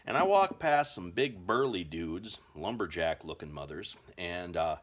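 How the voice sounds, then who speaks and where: An American survival vlogger tells survival stories straight to camera in a folksy, rambling style packed with filler words. His voice is low-pitched and animated, moving at a measured pace.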